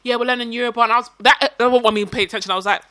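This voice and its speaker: A woman's voice: fairly high pitch, fairly even intonation, very fast, a bit bright, no echo. A young woman from South London with a London accent, chatting casually and teasing bluntly. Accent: London English. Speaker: podcast co-host. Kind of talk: casual chat. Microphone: close podcast mic.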